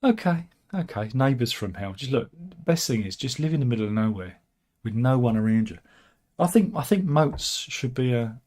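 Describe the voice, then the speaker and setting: A man's voice: mid-range voice, lively intonation, moderate pace, darkish tone. A man hosting a casual, satirical news commentary, wry and chatty with frequent asides. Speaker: host.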